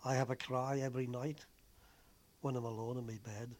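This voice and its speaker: A man's voice: mid-range voice, little pitch movement, moderate pace, darkish tone, close to an everyday voice. Young devoted nurse far from home, wistful and earnest, read by a man in his own voice. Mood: homesick. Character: young homesick woman nurse, tender and devoted.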